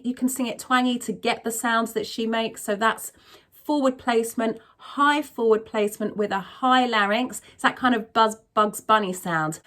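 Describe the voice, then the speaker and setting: Chatty woman vocal coach, slightly high. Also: fairly bright tone. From not from America. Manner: frank, chatty explanations with fillers. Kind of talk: casual singing tutorial.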